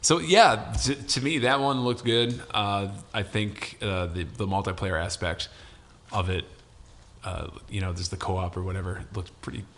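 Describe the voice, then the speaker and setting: A man's voice: on the low side, moderate pace, fairly bright tone. A man hosting a casual gaming podcast, hesitant and full of fillers as he steers the talk. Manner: hesitant, many fillers, laughs easily. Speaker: podcast host.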